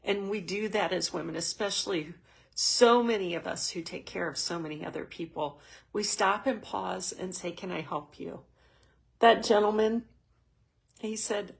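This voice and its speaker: A woman's voice: medium pitch, normal speed, gravelly. A middle-aged woman hosting a heartfelt motivational talk for a women's group, speaking earnestly and sometimes near tears. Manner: earnest, heartfelt, emotional storytelling. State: tearful at moments. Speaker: host.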